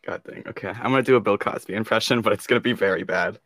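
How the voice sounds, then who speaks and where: Young dude on a podcast with friends, bright voice, easygoing, dry close sound. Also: male voice, on the low side, rapid-fire, dry recording. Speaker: podcast co-host. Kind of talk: casual chat among friends.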